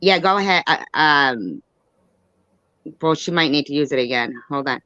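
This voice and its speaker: A woman hosting a live stream, blunt and quick to react as she runs the panel. Her voice is bright and dry, and the sound is a bit dull and lo-fi. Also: low voice, expressive, no room sound. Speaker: host.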